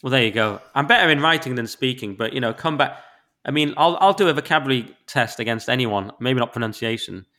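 A man's voice: mid-range voice, fast. Ranting sweary man with a Northern English accent. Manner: sweary, exasperated, animated rants with sudden loud spikes. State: recovering from flu. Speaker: podcast co-host. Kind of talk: casual chat, ranting about listener reviews.

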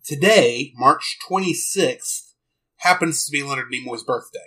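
A man co-hosting a podcast, chatting casually and rambling with quick asides and restarts. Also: medium pitch, bright, forceful tone, husky, poor audio. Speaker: podcast co-host. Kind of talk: casual chat.

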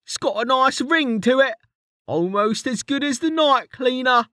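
A man doing a high, cheeky jester of an adventurer. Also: lively intonation, a little slow, bright, forceful tone, no room sound, clean studio sound, exaggerated voice. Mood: mocking. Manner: teasing, slangy, high-pitched. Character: cheeky joking adventurer, male.

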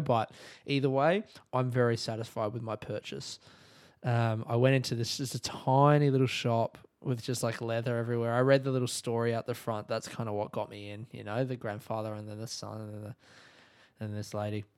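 A man's voice: medium pitch, darkish tone, clean tone. A young Australian man, a comedian, chatting in a rambling travel diary, correcting himself, swearing freely and laughing at his own stories. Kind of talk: casual travel diary chat.

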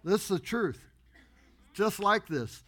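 A pastor telling a story in an animated, exuberant sermon to a congregation in a church. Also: male voice, sits high, takes it slowly. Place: church sanctuary before a congregation.

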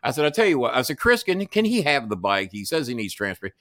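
A man's voice: mid-range voice, very animated, fast, fairly bright tone, no room sound, studio quality. A man telling a long story as a podcast guest, swearing freely and acting out each person's lines. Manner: profane, acts out dialogue in voices. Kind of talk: animated storytelling.

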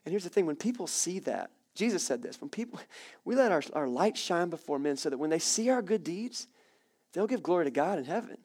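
A male pastor giving a sermon in a church, speaking with energetic, conversational preaching full of casual fillers, then closing in prayer. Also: on the high side, a little fast. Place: church hall with congregation.

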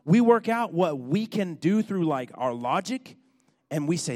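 A man preaching a sermon, telling a story with animated, emphatic build-ups. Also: a little high, a little slow. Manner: animated storytelling, rising to loud emphatic points.

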